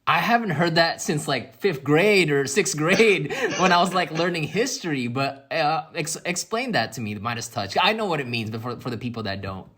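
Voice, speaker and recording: A man's voice: a little high, lively intonation, normal speed, few pauses, fairly bright tone. A man hosting a wrestling podcast, asking questions in a friendly, enthusiastic way. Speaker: podcast host. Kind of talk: casual interview chat.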